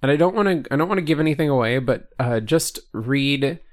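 A man's voice: medium pitch, lively intonation, brisk. A man co-hosting a casual podcast, talking in an easygoing, playful way and trailing off with fillers. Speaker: podcast co-host. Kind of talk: casual chat.

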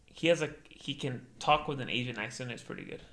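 Gravelly young man, slangy chat. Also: medium pitch, expressive, brisk, fairly bright tone, slight background noise. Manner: slangy, joking, swears a lot. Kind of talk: casual chat.

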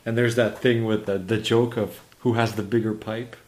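A man chatting casually about movies, halting and repeating words as he retells scenes. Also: on the low side, little pitch movement, a little mellow. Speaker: conversation partner. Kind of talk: casual chat about films.

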